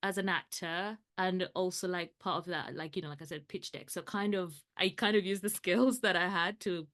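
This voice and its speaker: A woman's voice: fairly low pitch, normal speed, fairly bright tone. A woman podcast co-host chatting casually, telling a story with frequent laughs and acted-out quotes. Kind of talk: casual chat.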